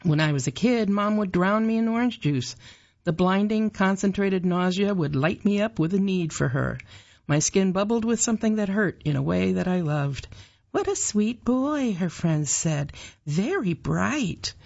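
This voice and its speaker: A woman narrating an audiobook in a measured, even storytelling manner. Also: fairly low pitch, gravelly, lo-fi sound. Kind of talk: scripted narration.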